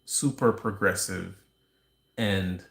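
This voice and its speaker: Gravelly low-voiced man ranting. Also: slow, a bit bright. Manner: rambling, conspiratorial, with restarts and wry laughs. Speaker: livestream host. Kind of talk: casual ranting monologue. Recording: roomy echo.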